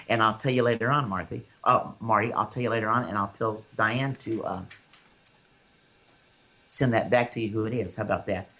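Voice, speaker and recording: A man's voice: lowish voice, fairly even intonation, normal speed, long pauses, bright, forceful tone. A man from Memphis with a Southern accent, hosting a call-in radio show as a psychic medium and telling stories in a rambling way with many fillers. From Memphis, Tennessee.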